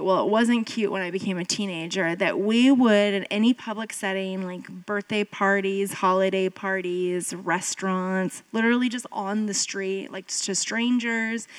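A woman pastor in her thirties preaching a sermon in a conversational, storytelling way, often jumping up in pitch for emphasis. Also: a bit bright, low-quality recording. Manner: conversational, with filler "like" and asides.

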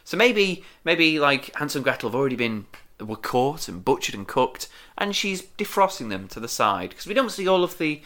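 A man's voice: a little high, sing-song, normal speed, fairly bright tone. A man co-hosting a casual comedy podcast, recapping a plot with giggly asides. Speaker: podcast co-host recapping an episode.

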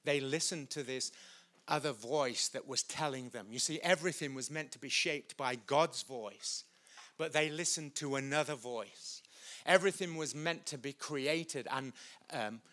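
A man preaching a sermon in a church, earnest, rising loud and high when he speaks to people in the room. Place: church hall. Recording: preached over loud worship music.

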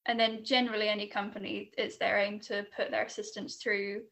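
A woman's voice: medium pitch, flat delivery, fairly quick, vocal fry, fairly bright tone. A young woman, chatting casually about her work in air traffic control, with many fillers and restarts. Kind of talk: casual interview chat.

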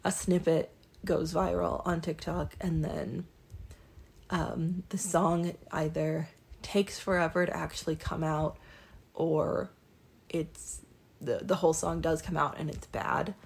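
Young female vlogger, gravelly low-ish voice, loose self-deprecating ramble. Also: level tone, slow, a little mellow. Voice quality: raspy, creaky. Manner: rambling, self-deprecating, many ums and restarts. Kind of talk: casual monologue.

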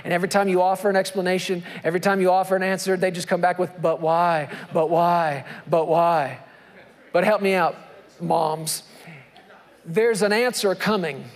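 A man preaching a sermon as a pastor, animated, swinging from quiet to shouted emphasis with long drawn-out phrases. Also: high voice. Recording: long reverb of a large hall.

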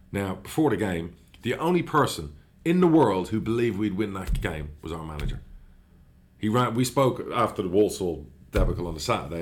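A deep-voiced middle-aged man, chairman of a football club, talks casually in an interview, animated and blunt, telling stories full of free swearing.

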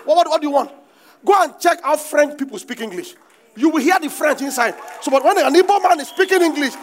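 Animated Nigerian pastor preaching. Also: male voice, very high-pitched. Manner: animated preaching with bursts of shouting and laughter. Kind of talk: sermon.

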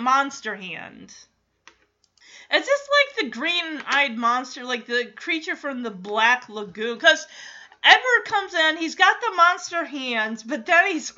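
Chatty female host with a bright, forceful tone; retells scenes loosely, muffled home recording. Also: sits high. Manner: chatty retelling, frequent "like", light laughs. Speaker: podcast host recapping a TV episode. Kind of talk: casual chat.

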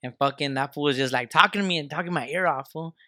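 A man co-hosting a podcast in a studio, loose and profane, trading stories in heavy slang. His voice is bright and forceful and a little high. The sound is dry and close. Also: fast, no echo. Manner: rowdy, profane, storytelling with lots of slang. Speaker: podcast co-host. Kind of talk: casual chat.

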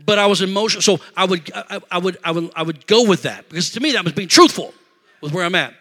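A middle-aged man preaching a sermon in a church, telling a story in an animated, emotional way and talking straight to the congregation. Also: high voice, quick pace. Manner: animated, emotional, talks to congregation with "y'all" and "amen". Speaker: pastor. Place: church sanctuary.

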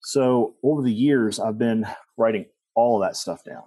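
Low husky-voiced man telling stories. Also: moderate pace, mellow, no room sound. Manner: rambling, with frequent restarts and asides. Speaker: guest. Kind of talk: personal storytelling in conversation.

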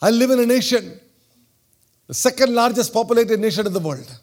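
A man from Kerala in southern India preaches a sermon with an Indian accent, telling a personal story. His extremely high voice moves fairly quickly, swinging between loud, animated exclamations and hushed, quiet storytelling.

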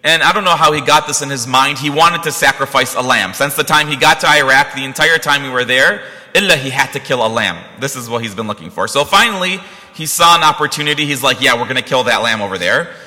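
A man's voice: a little high, fast talker, bright, forceful tone, long reverb tail. A man, a priest, giving a conversational sermon, telling a personal story with asides to the congregation.

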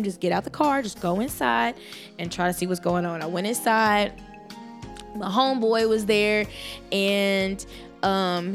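A woman hosting a podcast, telling a story in a casual, animated, exasperated way with speech. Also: high voice. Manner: animated, exasperated retelling with voiced reactions. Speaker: podcast host.

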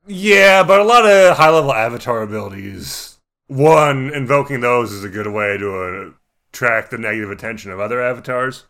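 A man's voice: medium pitch, moderate pace, fairly bright tone. A man in casual chat about a tabletop game, thinking aloud with lots of restarts. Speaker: tabletop game podcast co-host.

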